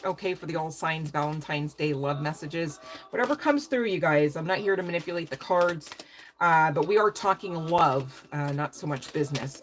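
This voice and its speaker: A woman's voice: lowish voice, slight background noise. A woman doing a casual tarot reading to camera, rambling, chatty and emotional, with some casual swearing. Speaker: tarot reader.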